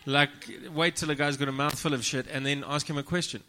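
Male stand-up, South African accent, dry self-mocking delivery, a bit high and very bright. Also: brisk. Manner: deadpan, profane, self-mocking. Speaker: comedian guest. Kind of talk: casual podcast chat, comic storytelling.

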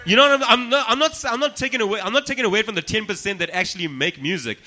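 Bright-voiced joking man. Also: high voice, rapid-fire. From South Africa. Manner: profane, joking, animated storytelling. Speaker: podcast guest, comedian. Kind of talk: casual chat.

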